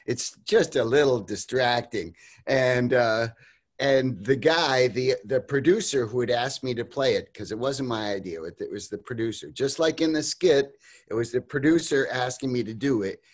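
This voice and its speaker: A man's voice: mid-range voice, moderate pace. An older man as an interview guest, talking casually over a video call, rambling with lots of fillers and restarts and laughing often.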